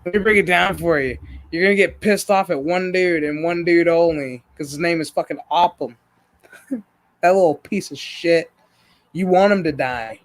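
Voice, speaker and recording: A man hosting a gaming stream, telling a story in casual chat, profane and animated. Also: on the high side, normal speed, no echo.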